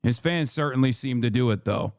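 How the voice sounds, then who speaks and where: A man's voice: mid-range voice, a little fast, dry recording, studio quality. A man in his thirties with an American accent, ranting heatedly as a political streamer, profane and repetitive. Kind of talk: ranting commentary.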